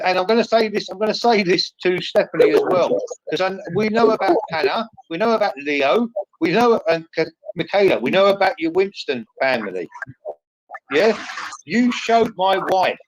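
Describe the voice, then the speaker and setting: A man's voice: high-pitched, expressive, normal speed, no room sound, rough recording. Combative man hosting a heated live call. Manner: combative, interrupting, repeats himself. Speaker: live stream host. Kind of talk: heated live stream argument.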